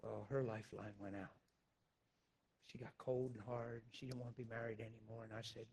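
A male pastor preaching a sermon, swinging between loud shouting and quiet, blunt confession. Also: fairly low pitch, flat delivery, normal speed, gravelly, slight background noise.

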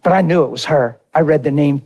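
A middle-aged man preaching a sermon through an animated, folksy personal story. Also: fairly high pitch, quick pace, lo-fi sound. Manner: animated, folksy, drawls into dramatic retellings.

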